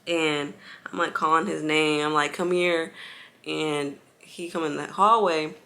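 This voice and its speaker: Bright, gravelly-voiced young woman vlogging. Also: sits low, fairly even intonation, a little slow. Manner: chatty, full of "like" fillers, addresses viewers as y'all; bouncing on an exercise ball while holding a baby. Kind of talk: casual storytelling to viewers.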